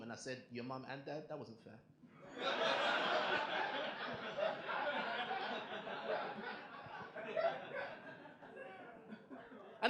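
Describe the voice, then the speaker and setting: A young man doing a stand-up comedy set, chatty and animated, asking the crowd questions on a club stage. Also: fairly high pitch. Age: young adult. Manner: conversational, animated punchlines, asks the crowd questions. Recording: echoey club with crowd noise.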